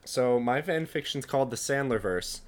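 A man's voice: mid-range voice, expressive, normal speed. A young man co-hosting a podcast, joking and rambling in casual chat. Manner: loose and joking, rambling asides. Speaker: podcast co-host.

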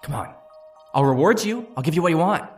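A man's voice: on the high side, expressive, a little fast, soft background music, voice pushed up, close to an everyday voice. A man voicing a sly, bored male beast in a tabletop game, coaxing and playful with a folksy manner. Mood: teasing.

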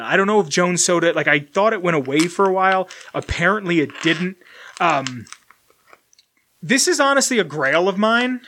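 Excitable man rambling through an unboxing. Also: high-pitched, a little hiss or hum. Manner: rambling, self-deprecating, bursts of loud excitement. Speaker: collector unboxing merchandise. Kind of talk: casual unboxing vlog. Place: home room with collectibles shelf.

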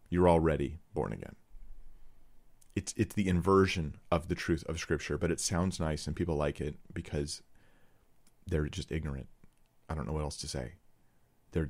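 A man giving blunt, sarcastic Bible commentary to his viewers, reading verses and critiquing a teaching. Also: sits low.

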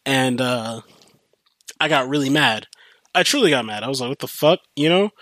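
A young man hosting a podcast, telling a rambling, profane story in a casual, animated way with many restarts. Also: mid-range voice, normal speed, no room sound. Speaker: podcast host.

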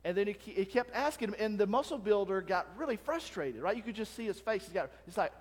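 A man preaching in a casual, conversational way, with a fairly high voice. He keeps checking in with the listeners and acts out little stories as he goes. His voice rings with the long reverb of a big church hall. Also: animated, fast. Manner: keeps checking in with the congregation with "right?"; acts out anecdotes with voices and sounds. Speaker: pastor. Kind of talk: conversational sermon.

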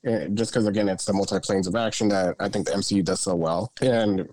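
A man's voice: lowish voice, steady tone, quick pace, darkish tone. A man co-hosting a podcast, casually sharing thoughtful takes on a film. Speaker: podcast co-host. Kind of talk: casual movie discussion.

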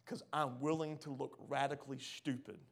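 A man preaching a sermon with passion, rising to loud emphatic bursts and falling back to soft, low asides, often stammering and repeating words. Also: steady tone, moderate pace.

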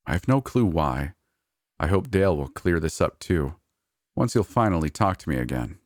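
A man narrates a serialized first-person story in a measured, even way. His voice is very low and deep. The recording is dry, with no room echo.

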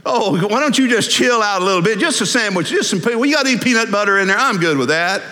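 A man voicing a laid-back, folksy Jesus with a Texan accent, gently coaxing someone to relax, in a sermon story. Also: high voice, expressive, fast talker. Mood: easygoing. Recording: echoey hall.

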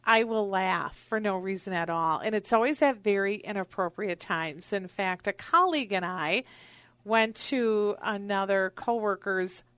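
A woman's voice: mid-range voice, measured pace, a bit bright, smooth, dry recording. A woman hosting a radio talk show, chatting and telling anecdotes in an upbeat way. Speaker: radio show host, wealth advisor. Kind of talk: casual radio interview chat.

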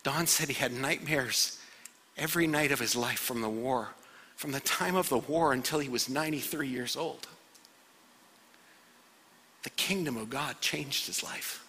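Brief: a male guest preacher with a bright, husky voice, delivering an animated sermon in a reverberant church hall. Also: medium pitch, measured pace, pauses often. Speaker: guest pastor. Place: church sanctuary.

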